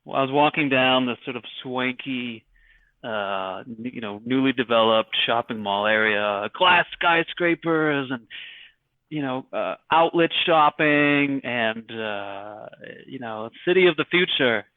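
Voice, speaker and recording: A male podcast guest in casual chat, talking haltingly with many restarts and crude swearing. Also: medium pitch, no room sound. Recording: dry, phone-like call audio.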